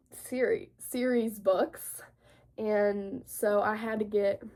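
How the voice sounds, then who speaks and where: Slight background noise accompanies this teen girl's high, slightly mellow voice. Sniffling from a cold, the book vlogger chats in a bubbly, rambling way about her new reads, leaning heavily on filler words.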